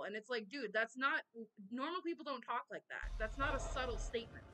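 A woman's voice: sits high, sing-song, brisk, few pauses, sharp tone, faint music behind, low-quality recording. A young woman hosting a reaction video in a chatty way, often talking back at the screen. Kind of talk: casual reaction commentary.

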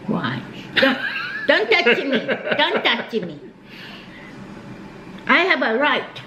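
A woman's voice: high voice, big pitch swings, slow, bright, forceful tone, a little hiss or hum. A woman with a Japanese accent, a native Japanese speaker, chatting playfully with her husband in simple, broken English. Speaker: host's wife. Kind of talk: casual chat. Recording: roomy, dull lo-fi sound.

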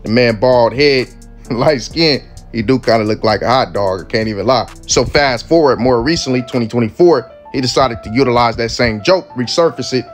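A man's voice: mid-range voice, moderate pace, faint music behind. Laid-back male commentary host. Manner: laid-back street slang, conversational. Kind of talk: casual commentary over clips.

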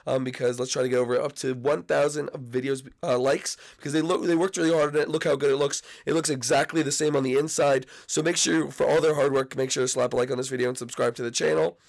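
Man, gravelly, sick with a cold, excitable rambling gameplay commentary. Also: mid-range voice, fast talker, hardly any pauses. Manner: excitable, rambling, shouts out to friends. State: sick, coughing. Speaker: YouTube gaming host.

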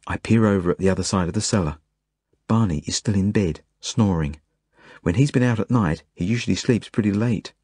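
A man reading his own novel aloud as a first-person audiobook, earnest and measured. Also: on the low side, husky, dry recording, clean studio sound. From Australia. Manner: earnest, measured, gentle storytelling.

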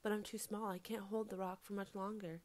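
A woman's voice: medium pitch, little pitch movement, fairly quick, a little mellow, dry recording, lightly acted. Sly little guinea pig trickster, a lady storyteller putting him on, scheming and urgent.

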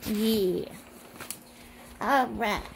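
A woman making a casual video message, talking slowly and simply to a child. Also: medium pitch, a little hiss or hum. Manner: slow, simple, sing-song talk to a child.

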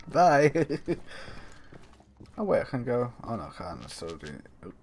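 Goofy guy muttering through a game, voice bouncing all over, slow and lazy, bit of hiss behind. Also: mid-range voice, wildly swooping pitch, darkish tone. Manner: goofy, sings and mutters to himself while playing. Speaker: gameplay commentator. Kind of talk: casual let's play commentary.

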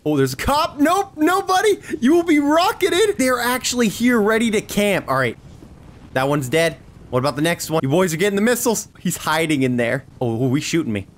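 Excitable high-voiced gaming commentator. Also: male voice. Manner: excitable, quick exclamations. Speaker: gaming YouTuber. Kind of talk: Let's Play commentary.

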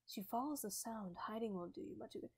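A woman voicing an ominous female game narrator who calmly warns the player. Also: medium pitch, a little fast, husky. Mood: warning.

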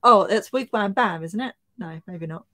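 A woman's voice: mid-range voice, moderate pace, bright, forceful tone. A woman co-hosting a casual live-stream chat, laughing often as she reads comments aloud. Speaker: co-host.

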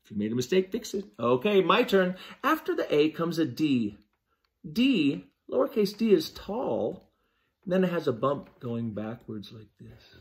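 A man teaching young children to write letters, giving slow, patient step-by-step instructions. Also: on the high side, big pitch swings. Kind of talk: children's handwriting lesson.

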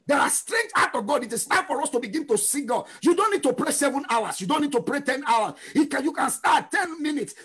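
A middle-aged man preaching a fervent sermon, shouting refrains and breaking into sung lines. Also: very high-pitched. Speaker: pastor.

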